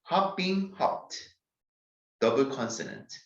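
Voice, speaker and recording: Slow, echoey Korean-accented male teacher. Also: mid-range voice, very animated. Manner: slow, deliberate, spells words out letter by letter. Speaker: English teacher. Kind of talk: grammar lecture. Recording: distant, dull, echoey room recording.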